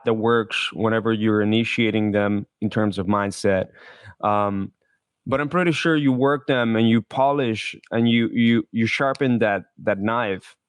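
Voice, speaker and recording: A man hosts a casual podcast interview, his voice smooth and clear at a middling pitch. He asks long, winding questions and often restarts his words. The sound is dry and close, with no room around it. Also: no room sound. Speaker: podcast host.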